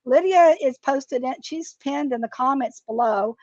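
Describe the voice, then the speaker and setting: Woman, livestream host, friendly greetings, high voice, dry dull sound. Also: unhurried, darkish tone, no echo. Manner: friendly, greets viewers by name. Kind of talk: casual livestream chat.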